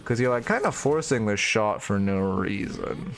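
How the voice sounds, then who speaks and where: A man's voice: lowish voice, expressive, moderate pace, slight background noise. A man giving casual live-stream coaching commentary on a video game, blunt and opinionated, swearing freely.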